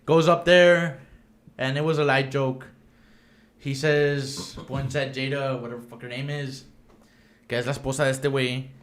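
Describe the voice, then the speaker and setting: A man's voice: medium pitch, steady tone, moderate pace, roomy sound. A man chatting casually on a podcast, telling a story with animation, acting out what others said and switching between Spanish and English mid-sentence. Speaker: podcast host. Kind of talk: casual chat.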